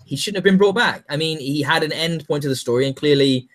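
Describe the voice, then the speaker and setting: A man co-hosting a podcast in casual chat, animated and jokey, talking in quick bursts. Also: a little high. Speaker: podcast co-host.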